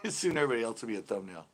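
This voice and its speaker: Speaking very fast and very animated in a mid-range voice, a man hosts a casual live after-show stream from home. He chats with his viewers, laughing frequently between comments.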